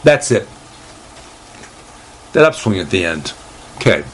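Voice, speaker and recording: A man hosting a casual solo talk show, reading aloud haltingly with lots of fillers and restarts, and a dry, deadpan humor. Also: sits low, a little hiss or hum. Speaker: host.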